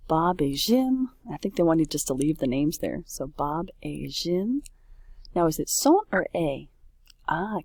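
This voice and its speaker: Chatty, self-correcting woman teacher, low voice. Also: mellow, no room sound, clean studio sound. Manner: chatty, self-correcting, says oops often. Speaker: French teacher. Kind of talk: casual worksheet walkthrough.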